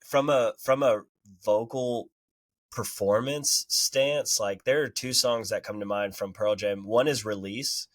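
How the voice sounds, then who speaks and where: Laid-back low-voiced podcast man. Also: a little slow, no echo. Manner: relaxed, laughs often, says "you know" and "right". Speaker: podcast co-host. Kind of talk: casual music review chat.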